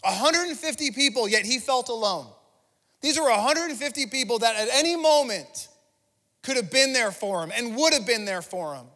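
A man's voice: extremely high pitch, expressive, normal speed, pushed and bright, long reverb tail. A male pastor giving an impassioned, conversational sermon, restarting phrases as he preaches in a church. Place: church sanctuary.

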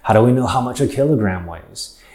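A man's voice: mid-range voice, lively intonation, brisk, mellow, reverberant. A man preaching a sermon, stressing points by repetition and asking rhetorical questions.

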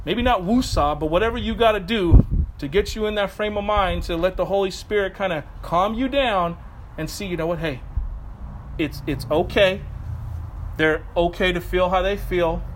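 A man preaching a sermon outdoors in a conversational, animated way, with self-correcting asides. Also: sits high, moderate pace, a little hiss or hum, low-quality recording.

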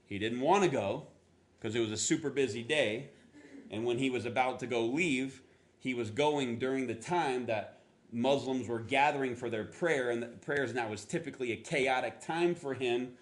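A pastor preaching a sermon tells a story at normal speed with plenty of animation. He acts out quotes with sudden pitch jumps and slips in self-deprecating asides.

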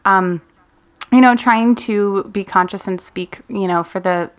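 A woman in her thirties co-hosting a podcast, speaking in a calm, measured, earnest way with a professional tone. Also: mid-range voice. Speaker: podcast co-host. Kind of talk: casual chat.

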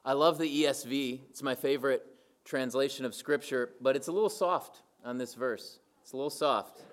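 A man's voice: medium pitch, normal speed. A man preaching a sermon to his church, emphatic and repeating key phrases for weight. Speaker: pastor.

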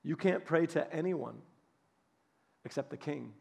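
A man preaching a sermon, telling biblical stories with animated, acted-out voices. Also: on the high side, unhurried, creaky, slightly rough. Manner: animated storytelling, acts out voices of biblical figures. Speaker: pastor.

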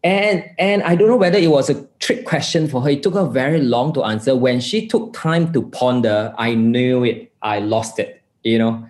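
A man's voice: mid-range voice, normal speed, few pauses, darkish tone. A man preaching a sermon, telling a personal story in an earnest way and often repeating words. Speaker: pastor. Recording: roomy echo.

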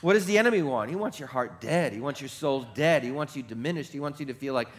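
A man pastor preaching a sermon, moving from hushed, reflective passages to shouted, rapid-fire exclamations, and putting questions to the congregation. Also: mid-range voice, animated, a little hiss or hum.

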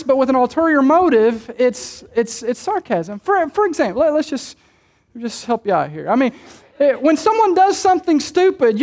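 A woman with a high voice delivers a sermon, laughing now and then as she jokes. She often repeats words at the start of her phrases. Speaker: preacher.

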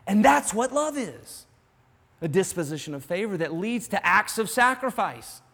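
A man preaching a sermon in earnest, dropping to a hush on some lines and rising to emphasis on others. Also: high-pitched, sing-song, moderate pace, gravelly. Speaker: pastor. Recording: long hall reverb.

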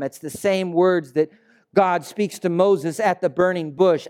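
A man preaching a sermon as a pastor, telling the story in a lively, dramatic way, sometimes shouting and sometimes dropping to a hush. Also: fairly high pitch, unhurried. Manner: animated storytelling preacher, swinging between shouts and hushed asides.

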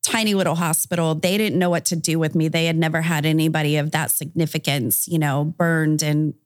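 A woman's voice: low voice, fairly even intonation, fairly quick, dry recording, clean studio sound. A woman guest on a podcast interview, recounting a personal story in a candid, conversational way, often using fillers.

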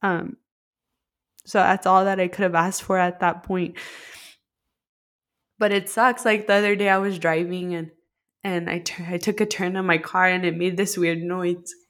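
A woman's voice: fairly low pitch, level tone, moderate pace, long pauses, fairly bright tone. A woman co-hosting a podcast, telling a personal story in a heartfelt, rambling way, full of "like" fillers. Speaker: podcast co-host.

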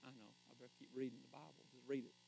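A middle-aged male pastor preaching a sermon in a joking, animated way, acting out quotes with sudden loud shouts. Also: medium pitch, rapid-fire, gravelly, noisy background.

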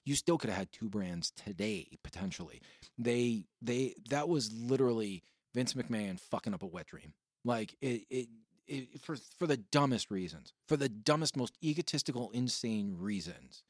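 A man hosting a podcast in casual chat, telling rambling, profane stories with bursts of excitement. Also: mid-range voice, normal speed, no room sound, clean studio sound. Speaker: podcast host.

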